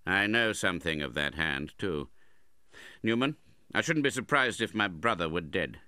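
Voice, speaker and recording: A man's voice: sits low, expressive, normal speed, sharp tone, smooth, no room sound, clean studio sound, heavily acted. A man reading the part of a cold, hard-hearted middle-aged moneylender in an audiobook, speaking curtly and sternly. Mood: grudging. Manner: curt and stern.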